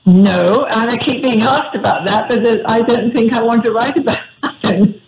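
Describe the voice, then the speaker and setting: A woman's voice: fairly high pitch, normal speed, noisy background. An older British woman from England, a radio guest who talks graciously and laughs often. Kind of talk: phone interview on a radio show.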